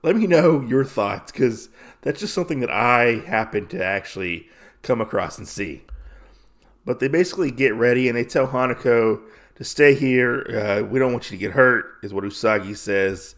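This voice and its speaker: Podcast guy rambling through a comic recap, gravelly voice, middle pitch, lots of uh and basically. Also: expressive, normal speed. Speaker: podcast host. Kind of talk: casual comic-book recap.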